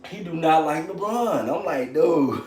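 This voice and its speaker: A man chatting casually on a livestream, talking slangy and profane and laughing a lot. His voice sits fairly high and swings all over as he gets worked up. The sound bounces around a roomy space with a faint hum of ambience behind him. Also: lively intonation, unhurried, darkish tone. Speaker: channel host on a livestream. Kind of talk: casual livestream chat about basketball.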